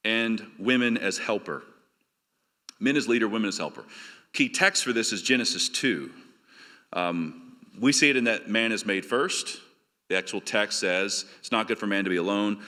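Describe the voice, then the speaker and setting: A male pastor from the South, preaching a conference sermon in a casual, conversational way that slows for scripture. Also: on the low side, sharp tone. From American South. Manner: conversational, emphatic, slowing down for scripture readings. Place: church hall. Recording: long reverb of a church hall.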